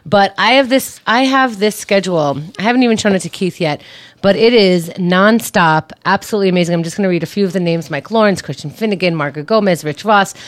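A woman co-hosting a comedy podcast, chatting excitedly and laughing often. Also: medium pitch, fast talker, dry recording. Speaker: podcast co-host. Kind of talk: casual comedic chat.

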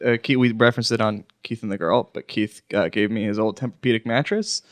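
A man's voice: lowish voice, steady tone, brisk, dry recording. A man co-hosting a podcast, telling a long story in casual chat and laughing often. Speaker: podcast co-host.

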